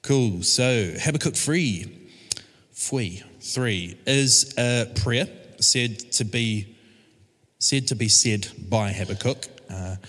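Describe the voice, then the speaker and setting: Speaking slowly in a medium-pitched, slightly bright voice, a man from the church team gives an informal sermon. His delivery is casual and halting, with lots of fillers and restarts, recorded in a church service room with long hall reverb.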